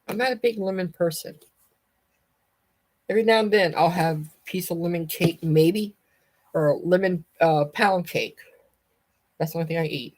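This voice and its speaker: A Southern woman chats loosely on a home live stream, rambling from one small topic to the next. Her voice sits a little low for a woman, and her talk stays easygoing and unhurried. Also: a little mellow. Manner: chatty, rambling, calls to her cat in a high voice. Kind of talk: casual live stream chat.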